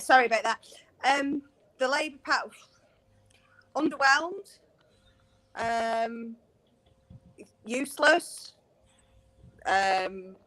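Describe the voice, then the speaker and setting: A woman with a Wigan accent who speaks slowly in a bright voice. Her remarks come out blunt and clipped. She joins the chat as a guest over a video call. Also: fairly high pitch.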